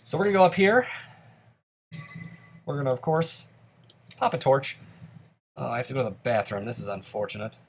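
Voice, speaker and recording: A man's voice: mid-range voice, sing-song, normal speed, pauses often. A man hosting a let's play, giving casual commentary on his gameplay in an upbeat, chatty way and explaining each choice he makes.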